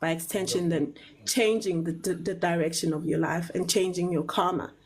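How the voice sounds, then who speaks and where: A South African woman on a live talk show, explaining ideas in a measured way, often repeating words and checking in with "right?". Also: fairly low pitch, fairly even intonation, husky, rough recording.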